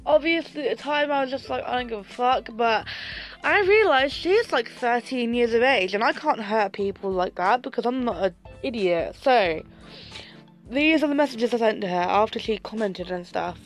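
A woman's voice: fairly high pitch, animated, moderate pace, soft background music. A young woman chatting casually to camera, sassy and gossipy, swearing freely. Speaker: vlogger.

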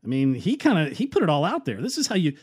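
A man's voice: on the high side, huge pitch swings, fast talker, a little mellow, slightly rough. A man hosting an opinionated political commentary, talking casually with a sarcastic, scoffing manner. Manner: sarcastic, scoffing, conversational with fillers. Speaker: commentary show host.

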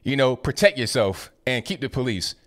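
A man's voice: mid-range voice, expressive, normal speed, heavy background noise. A man reacting to video clips in casual commentary, sarcastic and full of rhetorical questions.

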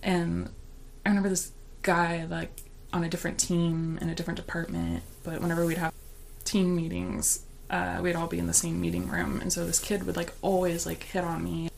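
A woman's voice: on the low side, normal speed, creaky, a little mellow, slight background noise. A woman telling a story in casual chat, talking loosely with lots of fillers and laughing as she goes.

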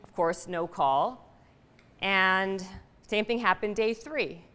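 A middle-aged woman telling a personal story to an audience, animated and punchy, asking the room questions. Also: medium pitch, takes it slowly. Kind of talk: storytelling talk. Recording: reverberant hall.

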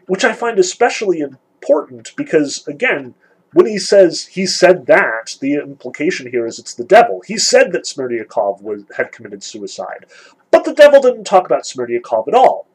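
Guy giving a lit lecture, really animated and sarcastic, kinda raspy. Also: a little high, normal speed, rough recording. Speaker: literature lecturer. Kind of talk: lecture with passages read aloud.

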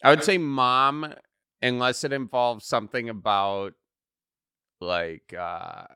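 Male podcast host with a bright, clear voice, jokey and animated, mid-range pitch. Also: slow pace. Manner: animated, joking storyteller. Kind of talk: casual chat.

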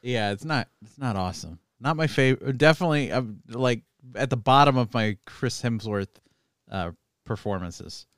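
A man's voice: mid-range voice, lively intonation, normal speed, a bit bright, smooth, no echo, clean studio sound. A man co-hosting a podcast, chatting casually about a movie in a laid-back, agreeable way with frequent hesitations. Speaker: podcast co-host. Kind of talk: casual movie review chat.

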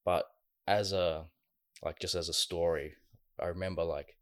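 A man, co-hosting a casual podcast and telling a long story in a lively, filler-heavy way. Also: low-pitched, unhurried, dry recording, clean studio sound. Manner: animated storyteller, many fillers. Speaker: podcast co-host.

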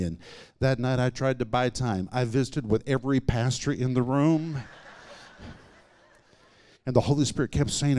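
Guy preaching a sermon story, mid voice, goes quiet then loud for drama. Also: mid-range voice, normal speed.

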